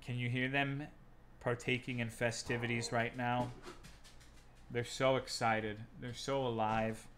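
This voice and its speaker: A man's voice: medium pitch, little pitch movement, unhurried, a bit bright, slight background noise. A man streaming from home, chatting casually with his viewers in a profane, self-mocking, joking way.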